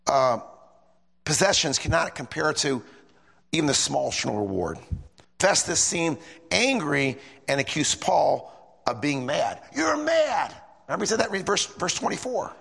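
A middle-aged lay preacher with a gravelly, husky voice talks through scripture in a folksy, rambling way. His pitch swings up and down as he presses his points, stumbling and restarting often. The sound carries a long reverb from a big hall. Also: fairly bright tone. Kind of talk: bible study sermon.

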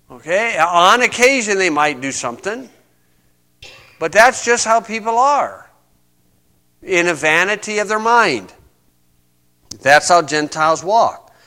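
A man preaching a conversational sermon, stressing points and reading scripture slowly. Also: high voice, pushed and bright. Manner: conversational, emphatic, reads scripture aloud slowly.

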